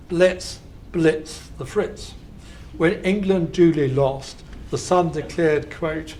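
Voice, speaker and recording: A man delivering a prepared academic keynote lecture, reading quoted headlines slowly and with emphasis and adding dry asides. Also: on the high side, a little hiss or hum. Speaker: keynote speaker. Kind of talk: academic lecture read from a script. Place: conference lecture hall.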